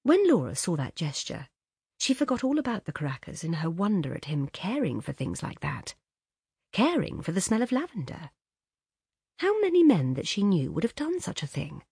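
A woman narrating a classic short story in an expressive, lilting way. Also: fairly low pitch, moderate pace, gravelly, slightly rough, no echo, studio quality. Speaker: audiobook narrator. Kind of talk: scripted narration.

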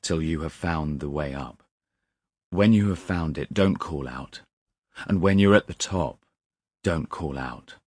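A man voicing a troubled railway signalman who speaks low and grave, close to a whisper. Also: measured pace, breathy edge, no echo, heavily acted. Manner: low, hushed, grave delivery. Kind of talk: audiobook character reading.

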